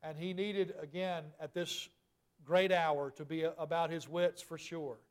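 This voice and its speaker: A man preaching a sermon, reading scripture aloud and explaining it earnestly, growing louder and higher at emphatic moments. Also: little pitch movement, measured pace. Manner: rises in pitch and volume at emphatic points.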